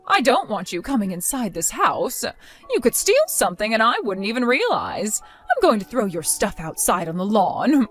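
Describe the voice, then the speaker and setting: A woman voicing a spiteful older mother-in-law who insults and orders her daughter-in-law around, in an animated story drama. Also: mid-range voice, moderate pace, soft background music. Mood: scornful. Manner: insulting, accusing, domineering.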